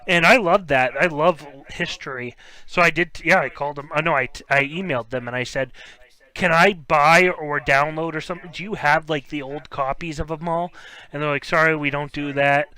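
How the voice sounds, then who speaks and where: A man's voice: a little high, moderate pace, bright, forceful tone. A man hosting a card break stream, chatting casually and enthusiastically with viewers. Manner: chatty and enthusiastic, laughs often. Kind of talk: casual livestream chat.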